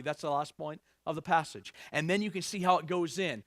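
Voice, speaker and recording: A man preaching a sermon with a fairly high voice. He reads scripture with swelling emphasis and slips in jokes for the congregation. The sound is dry and close. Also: brisk, hardly any pauses, dry recording. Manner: animated and joking, reads scripture with rising emphasis. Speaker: pastor.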